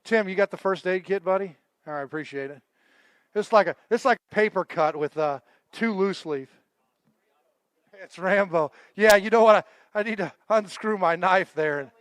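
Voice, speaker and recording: A man's voice: high-pitched, normal speed, a bit bright, clear, resonant tone, no room sound. A man emceeing a fishing tournament weigh-in live, chatting and joking with the anglers and crew. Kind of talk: live event emceeing with casual banter.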